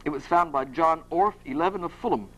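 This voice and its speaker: A man's voice: a little high, brisk, fairly bright tone, low-quality recording. A man reading his own fiction aloud at a university, with a dry, wry delivery. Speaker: author giving a reading. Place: university lecture hall.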